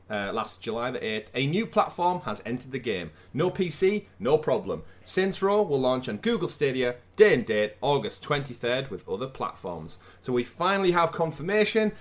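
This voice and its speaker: A man hosts a casual gaming podcast with a lively, swooping voice. He builds up news items with theatrical flair. His voice sits in a middle register. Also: medium pitch. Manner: animated, theatrical build-ups. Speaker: podcast host. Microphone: remote call mic.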